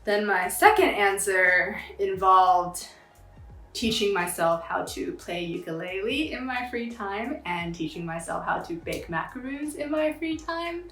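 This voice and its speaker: A young woman in a casual vlog, telling a story in a chatty, slangy, animated way. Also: mid-range voice, measured pace, roomy sound, soft background music. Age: young adult. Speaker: vlogger.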